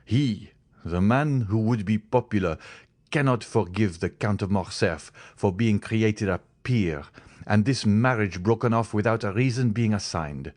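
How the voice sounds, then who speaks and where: A man's voice: fairly low pitch, unhurried, darkish tone, no echo. A man voicing a hot-headed young nobleman who is bent on a duel and speaks in intense, clipped, indignant tones. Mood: vengeful.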